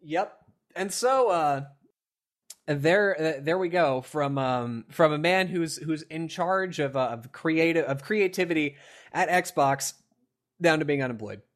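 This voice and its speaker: A young man hosting a casual podcast, animated and laughing, with lots of fillers. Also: a little high, a little slow. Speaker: podcast host. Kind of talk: casual chat.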